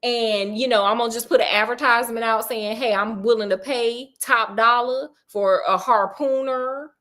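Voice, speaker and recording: Woman doing a low cocky Sherlock, slangy swagger. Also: steady tone, moderate pace, a bit bright, close to an everyday voice. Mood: bossy. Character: swaggering slangy male detective, cocky and bossy. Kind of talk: comedic storytelling.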